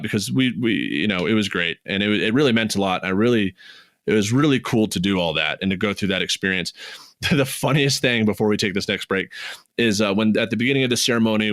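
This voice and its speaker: A man with a fairly low speaking voice co-hosts a casual podcast and tells an animated story. He swears freely and his voice jumps high with excitement. The sound is dry and close, with no room around it. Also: dry recording. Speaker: podcast co-host.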